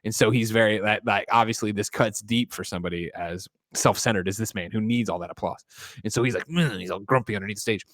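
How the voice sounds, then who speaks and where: A man, a podcast host, loosely retelling a film's plot in casual chat, swearing and doing quick voices for the characters. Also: lowish voice, fairly even intonation, fairly bright tone, no room sound, clean studio sound. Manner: rambling, profane plot retelling with jokey voices. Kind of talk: casual movie recap chat.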